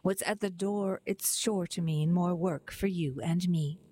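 A woman's voice: on the low side, unhurried, warm tone. A woman voicing a selfish, grumbling young man in a poem, dismissive in tone.

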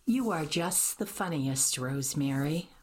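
A woman's voice: deep voice, expressive, measured pace, darkish tone, husky, exaggerated voice. A woman voicing a theatrical older hostess who gushes and plays up the drama. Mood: gushing. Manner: dramatic, gushing.

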